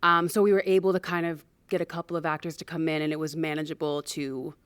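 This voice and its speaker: A young actress and producer tells a chatty story about mishaps during a show's production. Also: female voice, low voice, little pitch movement, quick pace, clean tone, no echo. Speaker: actor and producer. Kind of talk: casual anecdote to camera.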